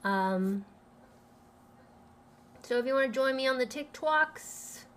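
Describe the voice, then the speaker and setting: Young woman, livestreamer, high-pitched, slow unhurried talk, cooing baby talk at her dogs. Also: lively intonation. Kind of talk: casual livestream chat.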